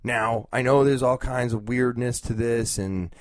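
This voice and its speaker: A man's voice: medium pitch, steady tone, measured pace, dry recording. A man hosting his own podcast, thinking aloud in casual talk, rambling with fillers and restarts. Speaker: podcast host.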